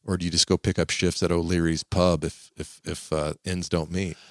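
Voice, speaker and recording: A middle-aged man with a very deep voice hosts a casual podcast interview. He teases and jokes between questions, and the sound is close and dry. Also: flat delivery, a bit bright, no room sound. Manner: teasing, joking, quick follow-up questions. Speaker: podcast host interviewing his father.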